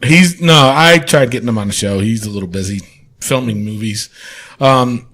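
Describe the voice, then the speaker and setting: A man's voice: mid-range voice, normal speed, fairly bright tone. A man hosting a casual wrestling podcast, joking around, laughing often and swearing casually. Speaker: podcast host.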